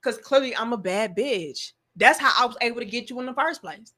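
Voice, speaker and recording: A woman hosting a casual livestream, reading chat comments and giving blunt, profane, animated advice. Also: a little high, a little fast.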